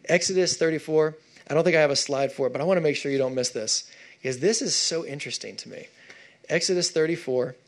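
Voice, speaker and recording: A male pastor preaching a sermon, animated and conversational, with frequent asides to the congregation. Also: on the high side, fast.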